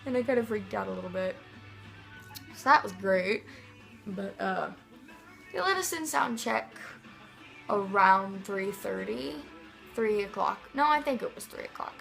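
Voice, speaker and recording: A young woman from Missouri telling a rambling, excitable vlog story, full of "like" and "um". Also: mid-range voice, a little slow, creaky, long pauses, faint music behind, poor audio. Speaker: vlogger.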